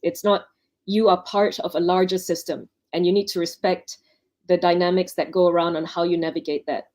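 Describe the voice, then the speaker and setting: A woman's voice: fairly low pitch, flat delivery, brisk, darkish tone. A woman doctor on an online panel, giving chatty advice to new doctors and acting out quoted lines in her stories. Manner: chatty, anecdotal, acts out quoted speech.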